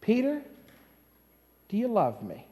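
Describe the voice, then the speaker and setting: Brief: man acting out a gentle, unhurried Jesus in a sermon retelling, hushed and slow. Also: big-room sound. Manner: soft, slow, low-voiced.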